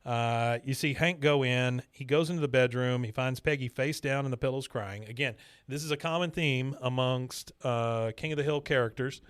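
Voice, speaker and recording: A man hosts a casual podcast, recapping a cartoon episode in an easygoing, talkative way. His voice sits at an ordinary middle pitch. It is recorded dry, with no room echo. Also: moderate pace, hardly any pauses, clear, resonant tone. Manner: recaps scenes in a relaxed, chatty way and acts out quotes. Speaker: podcast host.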